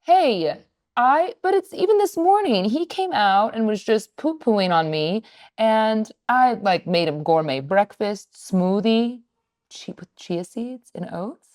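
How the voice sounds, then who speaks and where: A woman in her thirties co-hosting a casual podcast, chatty and expressive, often mimicking voices in her stories. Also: mid-range voice, unhurried. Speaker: podcast co-host. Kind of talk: casual chat.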